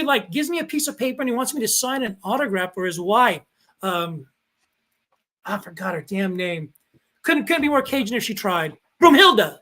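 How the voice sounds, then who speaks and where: Rambling, animated young man on a call. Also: extremely high pitch. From El Paso, Texas. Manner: rambling, animated storytelling with many fillers. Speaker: guest, local TV sports reporter. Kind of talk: casual podcast chat.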